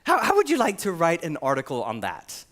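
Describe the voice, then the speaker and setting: Male pastor, lively sermon voice, a bit high, dramatic storyteller. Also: fairly quick. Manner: animated storytelling, acts out quoted voices.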